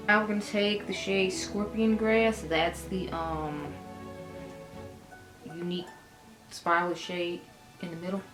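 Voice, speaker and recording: A woman's voice: on the low side, fairly even intonation, takes it slowly, long pauses. A woman, chatting casually through a makeup tutorial for her viewers, rambling and calling them y'all. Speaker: beauty vlogger. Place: room at home. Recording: echoey room with music behind.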